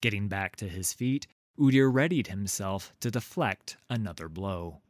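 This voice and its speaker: A man reading a fantasy story aloud in a measured, deliberate way. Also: on the low side, dry recording, studio quality. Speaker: narrator. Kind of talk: scripted fantasy narration.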